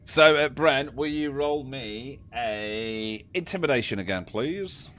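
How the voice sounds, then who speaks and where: A man's voice: mid-range voice, slow, fairly bright tone. A man narrating as game master in a casual, joking manner. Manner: casual, laughing, swearing narration.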